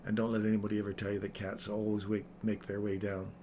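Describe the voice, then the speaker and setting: A man's voice: fairly low pitch, completely flat delivery, fast, warm tone, slight background noise. A man telling a rambling story on a live trading stream, chuckling between phrases.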